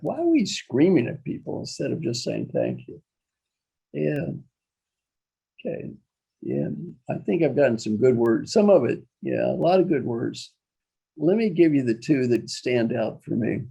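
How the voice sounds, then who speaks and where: A man's voice: mid-range voice, vocal fry, warm tone, breathy edge. A man, a leadership coach, running an interactive online workshop over a video call, who talks with energy, repeats his key phrases and quizzes his listeners.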